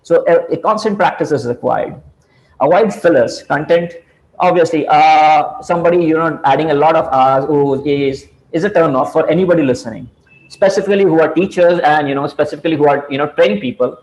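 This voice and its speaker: Guy lecturing on communication, kinda high voice, lots of "you know" and restarts. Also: darkish tone, low-quality recording. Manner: halting, many "you know" fillers and restarts. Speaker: speaker on communication skills.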